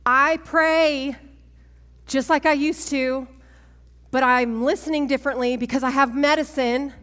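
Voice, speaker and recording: A woman, giving a testimony talk at a women's church event, animated and self-mocking, laughing often. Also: high-pitched. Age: 40s. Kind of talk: sermon-style testimony talk. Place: large church hall. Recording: long church hall reverb.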